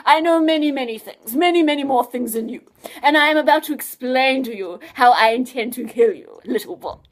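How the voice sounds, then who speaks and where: A woman voicing a pompous, boastful male mad scientist who is quick to take offence, in a storybook reading. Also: high voice, voice pushed up, close to an everyday voice. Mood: gloating. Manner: loud, theatrical and easily offended.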